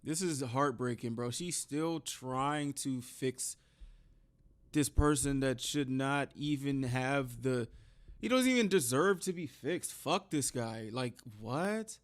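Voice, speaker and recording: A man's voice: medium pitch, slow. A man reacting to a true crime story in casual, blunt commentary full of swearing and slang. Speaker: reaction video host.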